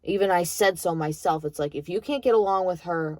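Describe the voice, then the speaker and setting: A woman's voice: low voice, quick pace, hardly any pauses, dark tone, no echo. A young adult woman venting in a casual monologue, blunt and heated, swearing freely. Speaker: vlogger.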